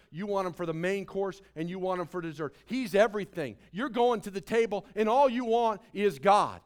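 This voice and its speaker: A male pastor preaching a sermon, swinging from soft asides to loud emphasis. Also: high-pitched, clean tone.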